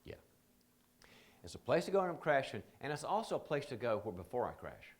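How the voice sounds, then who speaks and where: A man's voice: medium pitch, sing-song, fairly quick. Joking man teaching a live seminar. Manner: conversational, joking, drops into quoted voices. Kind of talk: live training seminar talk.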